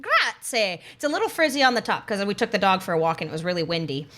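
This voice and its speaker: A woman's voice: mid-range voice, animated, fast talker, sharp tone. A woman co-hosting a comedy podcast, chatting in a giggly, bubbly way on a close mic. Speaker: podcast co-host. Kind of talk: casual comedy chat.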